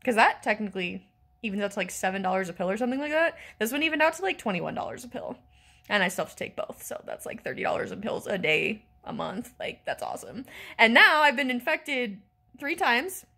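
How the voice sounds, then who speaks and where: Exasperated young woman ranting, bright voice. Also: on the high side, a little fast. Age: 20s. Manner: exasperated, animated, lots of fillers. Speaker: vlogger. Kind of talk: casual ranting story.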